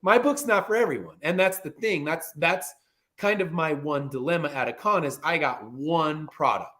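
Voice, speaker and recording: A man's voice: on the high side, normal speed, fairly bright tone. A man guest on a podcast, a comic creator, telling stories in a casual, matter-of-fact way with some swearing. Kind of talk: casual interview chat.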